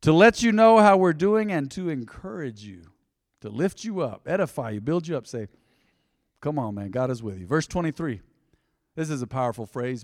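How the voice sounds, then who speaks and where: A pastor with a gravelly, expressive, medium-pitched voice preaches at normal speed in a church sanctuary. He jokes around in a conversational manner and asks the congregation to respond. The recording is dry and studio quality, with a big-room sound.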